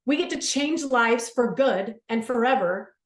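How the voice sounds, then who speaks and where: A woman in her thirties giving an earnest, gushing testimonial pitch, peppered with "like" and close to tears at times. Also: expressive, a little slow, reverberant. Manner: gushing, earnest, says "like" often, chokes up at times. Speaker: guest speaker.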